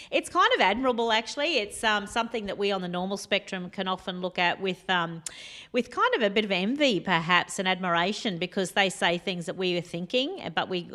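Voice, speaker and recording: A woman telling funny stories casually to the camera, chatty and animated, with frequent laughs and rambling asides. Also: mid-range voice. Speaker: support worker and vlogger. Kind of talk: casual storytelling.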